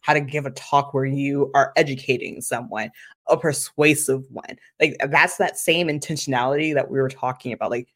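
A woman marketing consultant speaking as a podcast guest, animated and chatty, often dropping "like" into her sentences. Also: extremely low pitch, normal speed. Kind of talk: conversational interview.

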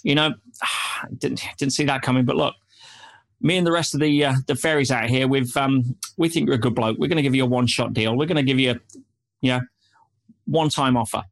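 A man's voice: mid-range voice, brisk, gravelly, lightly acted. A man putting on the voice of a chummy male guardian angel who talks with breezy, matey salesman patter.

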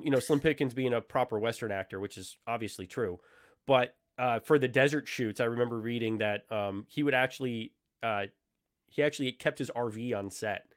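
A man chats about movies on a podcast he co-hosts. His voice sits at an ordinary middle pitch. His talk is loose and easygoing, wandering through restarts and fillers as he thinks aloud. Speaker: podcast co-host. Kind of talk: casual film chat.

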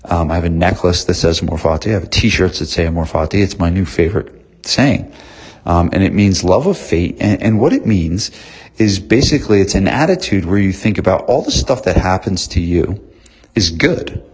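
Man, 30s, gym owner; husky, lowish voice; earnest motivational talk with repeated points. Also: animated, normal speed. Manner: earnest, repeats himself for emphasis. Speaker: gym owner and business coach.

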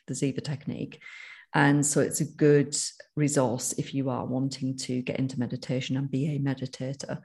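Gravelly-voiced northern English speaker. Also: mid-range voice, a little mellow. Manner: rambling, many restarts and fillers. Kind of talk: casual podcast chat.

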